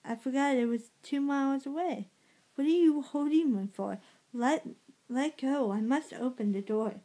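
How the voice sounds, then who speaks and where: A woman's voice: high-pitched, moderate pace, warm tone, pitched above the performer's own voice. A woman reading aloud, voicing a desperate grieving old mother who cries out and pleads. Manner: crying out, pleading.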